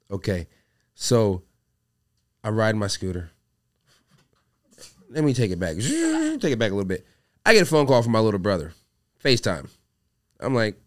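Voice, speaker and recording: A man co-hosting a podcast, telling a story in a casual, animated way with sound effects. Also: lowish voice, normal speed, pauses often, no room sound, clean studio sound. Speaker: podcast co-host.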